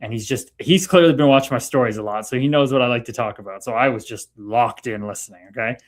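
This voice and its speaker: Hyped up guy telling stories on a live chat, lots of swearing, super animated. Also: medium pitch, quick pace. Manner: animated storyteller, profane, excitable. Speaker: guest. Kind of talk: casual live-stream chat.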